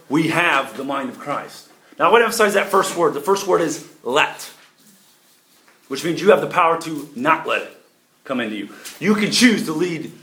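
With a slightly high, somewhat bright voice, a middle-aged man preaches in a church, folksy and forceful, his loudness changing as he goes. The recording picks up room echo and faint noise.

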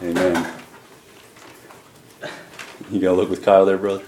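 A man preaching a church sermon, calling out to the congregation and reading scripture slowly. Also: deep voice, flat delivery, a little mellow, reverberant, a little hiss or hum. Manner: calls for congregation responses, reads scripture slowly.

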